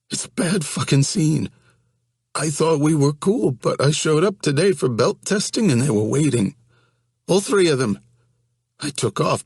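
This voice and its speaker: A man voicing a scared young man who whines and pleads in a husky voice pushed high. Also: dry recording, clean studio sound. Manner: pleading, whining, voice cracking high.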